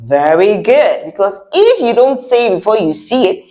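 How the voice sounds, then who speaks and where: A woman's voice: mid-range voice, sing-song, normal speed, warm tone. A woman teaching French words to children in a playful, coaxing, repeat-after-me style. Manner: playful, sing-song, coaxing. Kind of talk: kids' repeat-after-me lesson.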